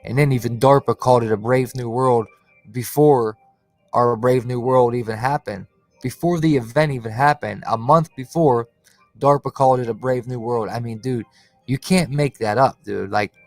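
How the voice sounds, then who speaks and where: Soft background music plays as a man with a medium-pitched voice and moderate pace rants on his conspiracy channel's livestream. Casual yet confrontational, he talks in slang, throwing "bro" and "cuz" onto his lines.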